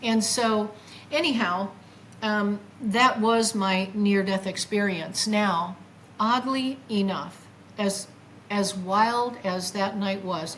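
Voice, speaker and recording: A woman in her seventies telling a personal testimony, animated and acting out her own past exclamations. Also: medium pitch, slight background noise. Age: 70s. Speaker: near-death experience witness.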